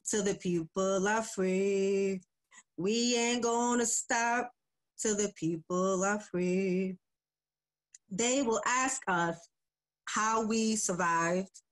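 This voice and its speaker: Woman, educator, poet, middle pitch, laid-back talk, spoken word, phone on a video call. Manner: laid-back and emotional in chat, slow and forceful when reciting. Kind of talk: casual chat and spoken word poetry.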